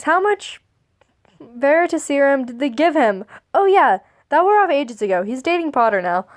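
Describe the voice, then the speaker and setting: Woman with a high voice reading fan stories aloud, trips over lines, restarts. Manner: stumbling over words, restarting and laughing at the text. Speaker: fan fiction reader.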